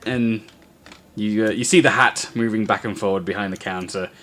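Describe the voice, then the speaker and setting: A man narrating a tabletop game as game master, halting, with many fillers. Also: fairly low pitch, a bit bright.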